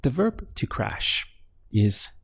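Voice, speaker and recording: A man teaching a language lesson step by step, patiently asking questions, pausing for answers and sounding out syllables. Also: mid-range voice, big pitch swings, husky. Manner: patient, asks questions then pauses for answers; spells out syllables slowly. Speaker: Spanish teacher.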